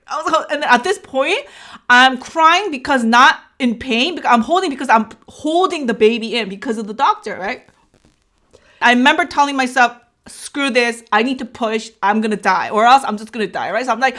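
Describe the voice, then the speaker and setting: Woman, high-pitched voice, vlog storytelling, animated, acts out voices. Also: brisk. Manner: animated storytelling, acting out her own shouts and others' lines. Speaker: vlogger. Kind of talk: storytime while eating.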